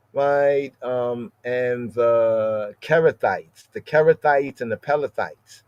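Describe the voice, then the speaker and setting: A man's voice: mid-range voice, darkish tone, dry recording. Man teaching scripture, "right?" after every point. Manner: repeats words, constant "right?" tag questions. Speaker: podcast teacher. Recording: dry, slightly dull audio.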